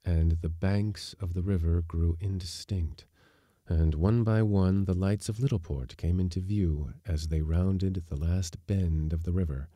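A male podcast narrator reads a short story in a measured, even manner. His voice is very low and dark in tone. The recording is dry and close, with no room echo. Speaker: audiobook narrator. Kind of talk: scripted narration.

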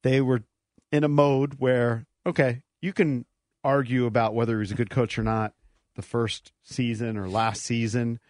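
Male radio host, mid pitch, measured explaining, dry close sound. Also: little pitch movement, darkish tone, no room sound. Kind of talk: sports radio analysis.

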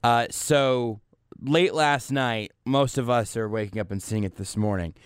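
A man hosting a talk radio show, riffing wryly with a deadpan edge and frequent restarts. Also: medium pitch, a little slow, smooth, dry recording. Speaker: radio host. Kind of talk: casual talk-radio banter. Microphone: studio microphone.

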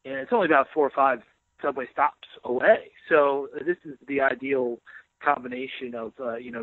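Over a tinny phone connection, a man who writes sports columns swaps jokey tales in relaxed podcast conversation. His pitch sits in the middle, the audio is dry, and he comes across as a rowdy, wisecracking storyteller.

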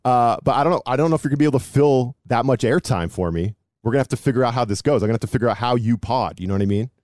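A man in his thirties hosting a casual sports podcast, chatty and self-deprecating, with quick asides. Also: medium pitch, darkish tone, no room sound, studio quality. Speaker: podcast host.

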